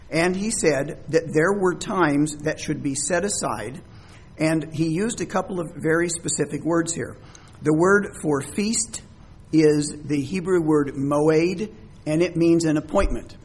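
A pastor with a husky voice on the high side preaches a sermon, explaining scripture words through everyday examples. He's coughing, his throat clearly troubling him.

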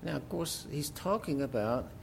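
A man's voice: mid-range voice, lively intonation, normal speed, vocal fry, slight background noise. A man preaching a sermon, reading scripture aloud and adding folksy, joking asides with frequent fillers.

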